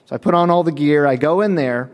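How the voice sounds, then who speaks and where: A man preaching a sermon, telling a personal story with emphatic, animated delivery. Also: on the high side, fast, long reverb tail. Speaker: pastor.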